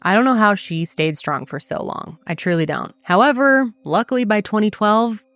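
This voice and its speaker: A woman hosting a true crime show, narrating the case in an earnest, emphatic way with dramatic pauses. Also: medium pitch, fairly bright tone, no echo, faint music behind.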